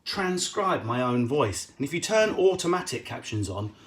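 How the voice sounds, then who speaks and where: Cheeky, sweary comedian. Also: male voice, medium pitch, sing-song. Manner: cheeky, sweary, quick-witted. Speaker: comedian answering viewer questions. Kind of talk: casual live Q&A. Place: at home.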